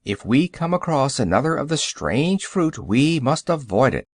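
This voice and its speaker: A man voicing a kindly, courteous old male wizard in a polite, measured way. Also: mid-range voice, big pitch swings, dry recording.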